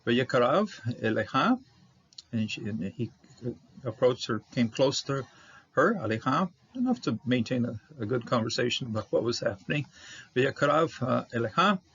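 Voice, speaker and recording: A man teaching a verse-by-verse Bible Hebrew lesson, halting with fillers and restarts, repeating words for stress. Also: medium pitch, expressive, a bit bright, breathy edge. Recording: dull lo-fi audio with faint noise.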